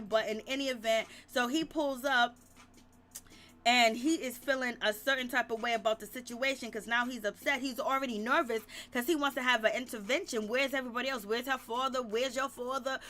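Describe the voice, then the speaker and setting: A woman dishes on a reality show in a loose, chatty recap. Her voice sits high and sounds bright and forceful. She keeps the gossip rolling and laughs often. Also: fairly even intonation, normal speed. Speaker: reality TV commentator. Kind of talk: casual recap commentary.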